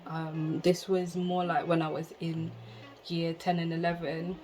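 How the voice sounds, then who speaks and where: A woman's voice: fairly low pitch, completely flat delivery, a little slow, rough recording. A young woman in her twenties with a Jamaican accent, telling a candid, exasperated story in casual chat and slipping into patois. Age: 20s. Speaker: vlogger. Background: soft background music.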